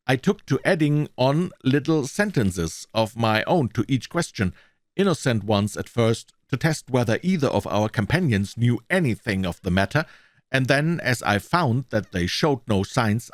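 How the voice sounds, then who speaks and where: German man narrating, lively expressive delivery. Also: mid-range voice, no room sound, studio quality. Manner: expressive first-person narration with small slips. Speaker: audiobook reader. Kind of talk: reading a classic detective story aloud.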